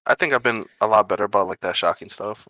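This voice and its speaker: A man's voice: on the low side, quick pace, sharp tone, no room sound, rough recording. A young man co-hosting a podcast in casual chat, blunt and unfiltered, often laughing. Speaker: podcast co-host.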